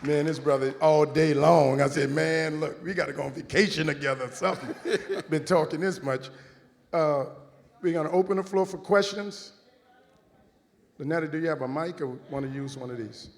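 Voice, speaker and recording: A man moderating a screening Q&A in a large hall, speaking in a steady, preacherly cadence. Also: on the high side, normal speed, vocal fry. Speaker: panel moderator. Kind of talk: hosting a screening Q&A. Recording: reverberant hall.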